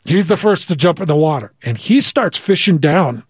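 A man recounting a personal story in an animated way, stumbling and repeating words as he builds the scene. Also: a little high, moderate pace, husky, no room sound, studio quality. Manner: vivid, repeats words, acts out quoted voices. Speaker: guest telling a story.

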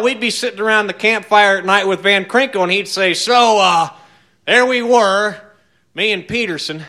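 Guy spinning a tall tale, high bright voice, folksy and wry. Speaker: storyteller.

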